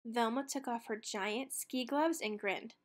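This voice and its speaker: A woman narrating a children's picture book read-aloud with expressive storytelling. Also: fairly high pitch, unhurried.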